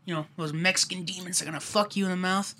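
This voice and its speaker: A man's voice: high-pitched, quick pace. A young man casually telling a rambling, profane childhood story to friends. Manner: rambling, profane, animated retelling.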